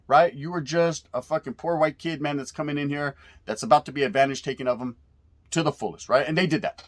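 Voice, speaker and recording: A man's voice: fairly high pitch, fast. A man in his forties from California, casually telling stories in street slang with Spanish words mixed in and plenty of cursing. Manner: laid-back street slang with Spanish words mixed in, frequent profanity and "right?" tags. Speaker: storyteller recalling youth prison days. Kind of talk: casual storytelling.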